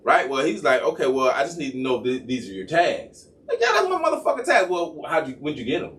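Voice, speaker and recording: Recorded at a distance with slight hiss or hum, this man's medium-pitched voice moves along fairly quickly. He's a podcast co-host spinning a lengthy, foul-mouthed story, playing both sides with lively impressions of each person.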